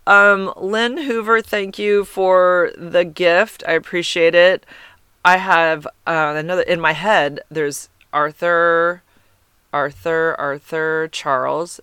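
A woman's voice: sits low, steady tone, slow pace, a bit bright, smooth, dry recording, studio quality. A woman hosting a podcast, reading listener comments in a rambling, chatty way and correcting herself as she goes. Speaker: podcast host.

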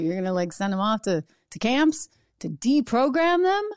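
A woman hosting a political talk show, talking in a brisk, sarcastic, conversational way. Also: fairly high pitch, big pitch swings, no room sound, clean studio sound. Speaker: political commentary host. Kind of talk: opinionated solo talk show.

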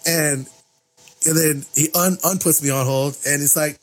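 A man's voice: fairly high pitch, fairly even intonation, unhurried. A man co-hosting a podcast in casual chat, talking with frequent stumbles and self-corrections. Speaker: podcast co-host.

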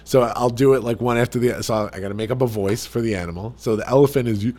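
A man from the New York area, telling family stories in casual podcast chat, animated and full of restarts. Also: mid-range voice, rapid-fire, few pauses. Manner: animated storyteller, restarts sentences.

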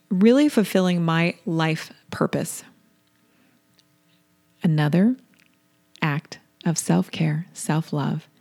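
A middle-aged woman hosting a solo wellness podcast, speaking in a soft, deliberate, affirming way and repeating key phrases. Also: fairly low pitch. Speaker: podcast host and wellness coach.

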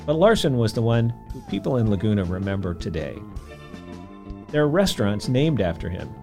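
A man hosting a podcast, telling a history story in scripted documentary narration with an expressive delivery. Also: fairly low pitch, a little fast, gravelly, soft background music. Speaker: podcast host.

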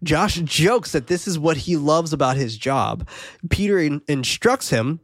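A man's voice: fairly high pitch, animated, unhurried, no room sound, clean studio sound. A man casually recapping a movie scene by scene on a podcast, laughing often and swearing freely. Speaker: podcast co-host recapping a film.

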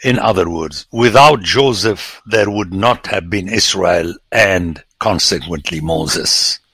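A man, a priest, giving a lecture on scripture with animated, theatrical emphasis and sudden exclamations. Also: sits low, slow, slightly rough, no room sound.

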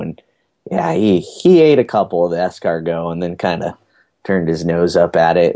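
A man's voice: low voice, warm tone. A man, chatting casually and rambling through a family story with many fillers. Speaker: podcast guest recounting a family cruise. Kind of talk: casual chat.

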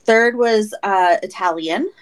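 A woman's voice: mid-range voice, takes it slowly, low-quality recording. A woman from Ohio co-hosting a podcast, chatting casually and asking playful questions as she recaps an episode. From Ohio, USA. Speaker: podcast co-host.

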